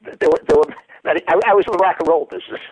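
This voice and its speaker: An older man spins his stories in a halting, anecdotal way, often pausing and starting over. His voice is husky, and the sound is dry and close. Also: a little high, no echo, poor audio. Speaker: guest, former news reporter. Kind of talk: storytelling interview.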